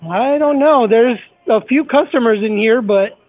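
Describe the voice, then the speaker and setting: A man's voice: very high-pitched, normal speed, no echo. A man working as a store clerk, answering a phone call politely and sounding puzzled. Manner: polite, puzzled, nervous laughs. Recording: tinny phone line.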